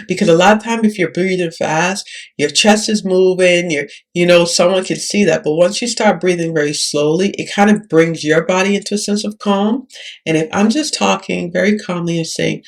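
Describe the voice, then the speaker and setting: A woman tutoring occupational therapists in a video lesson, speaking calmly and often checking in with "all right?". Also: lowish voice.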